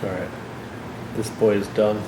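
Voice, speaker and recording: A man's voice: fairly low pitch, level tone, measured pace, mellow. Man, casual chat, dry and offhand, echoey room, audible noise. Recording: roomy with clear background noise.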